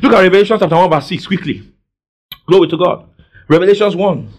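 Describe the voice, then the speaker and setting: A man preaching a sermon in a church service. He quizzes the congregation call-and-response style and often bursts into shouts. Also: high-pitched, fast.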